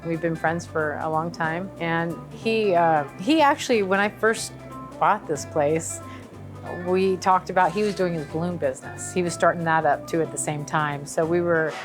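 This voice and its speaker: Middle-aged female restaurant owner, lowish voice, plain and matter-of-fact. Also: moderate pace, music in the background. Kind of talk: casual interview.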